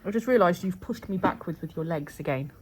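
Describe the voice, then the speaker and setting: A woman's voice: on the low side, fairly quick, noisy background. A woman doing a client's nails at home, chatting casually with dry, teasing banter. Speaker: nail artist and channel host. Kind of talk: casual chat while working.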